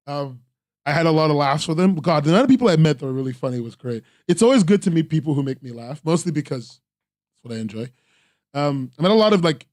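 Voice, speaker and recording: Worn out and aching from a three-day convention, a webcomics podcast host chats on his own in a relaxed, rambling way, laughing, saying um a lot, and making fun of himself. His voice is on the high side with a darkish tone, captured cleanly in the studio with no echo.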